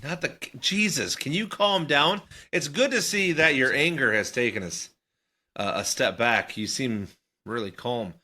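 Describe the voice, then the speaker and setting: Midwest guy cohosting a podcast, bright voice, rambly and easygoing, laughs a lot. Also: medium pitch, measured pace. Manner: laid-back, rambling, laughs often. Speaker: podcast co-host. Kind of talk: casual banter.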